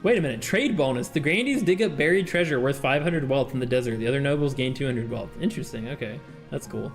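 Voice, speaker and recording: Playing a game along with his chat, this man talks casually, laughs a lot and reads game text out loud. He has a mid-range voice and a quick pace, and soft background music plays under him.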